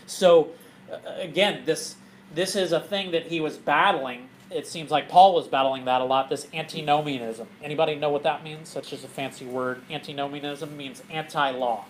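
Animated pastor, a man teaching scripture. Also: a little high, normal speed, slight background noise, low-quality recording. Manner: animated, laughing, asking the group questions. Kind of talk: Bible study teaching.

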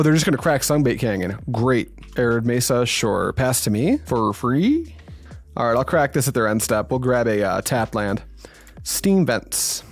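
A man's voice: medium pitch, breathy edge. A man giving casual live commentary on his own card game, thinking aloud, talking to his opponent and swearing when annoyed.

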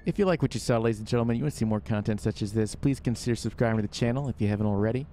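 A young man hosting a co-op horror game playthrough, excitable and jokey, pleading and yelping when scared and boasting when he survives. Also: mid-range voice, racing, slight background noise. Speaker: let's play host. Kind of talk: casual gameplay commentary.

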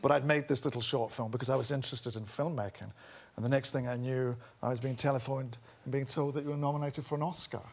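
A man's voice: mid-range voice, fairly even intonation, fast. A middle-aged man with a Scottish accent, a chat show guest telling a wry, self-deprecating story. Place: TV studio.

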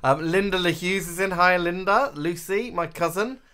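A man's voice: sits high, moderate pace, bright, forceful tone, clear, resonant tone. A man co-hosting a livestream, chatting casually and camply as he reads out and greets viewers by name. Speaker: co-host of a livestream. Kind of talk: casual livestream chat reading out viewer names.

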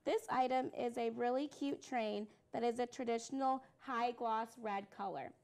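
Bright-pitched enthusiastic woman presenter. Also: fairly even intonation, moderate pace. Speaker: live-stream product host. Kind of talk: casual live product demo.

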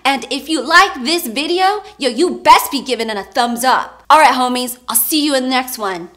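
A woman's voice: sits high, animated, moderate pace. A woman putting on a swaggering, slang-heavy tough alter ego for a comedy sign-off. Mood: cocky. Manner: swaggering slang, loud and cocky. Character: brash tough-talking female alter ego.

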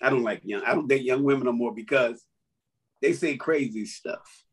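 A man's voice: medium pitch, moderate pace, breathy edge. A man who is a comedian, talking casually and animatedly as a podcast guest, breaking down how his jokes work and laughing through his stories. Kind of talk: casual chat explaining jokes.

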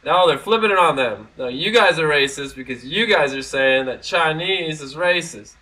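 A man's voice: on the high side, expressive, moderate pace, pushed and bright, low-quality recording. A man hosting a casual commentary video, reading out news articles and reacting bluntly and sarcastically, with plenty of swearing. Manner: blunt, sarcastic and profane, with frequent restarts. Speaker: commentary vlog host.

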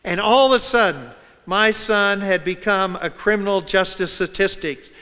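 A man speaks to a hall audience in a high, bright, smooth voice. He tells a personal story and acts out the voices of the people in it. The sound carries the long reverb of a large room. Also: moderate pace. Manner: storytelling, acting out quoted voices. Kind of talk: public talk.

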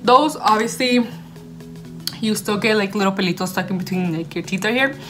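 A woman's voice: medium pitch, moderate pace. Bubbly young woman, music underneath. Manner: bubbly, gushing, mixes in Spanish words while eating. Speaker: vlogger. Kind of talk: casual chatty food-tasting vlog. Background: background music.

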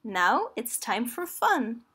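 A woman's voice: fairly high pitch, sing-song, takes it slowly, sharp tone, slightly rough, full character voice. Rabbit, a woman doing a bossy fussy rabbit.

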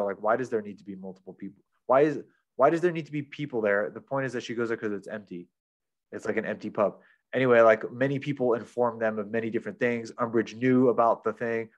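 A man's voice: lowish voice, highs cut off. A man retelling a book plot in casual chat as a podcast reviewer, rambling with lots of fillers.

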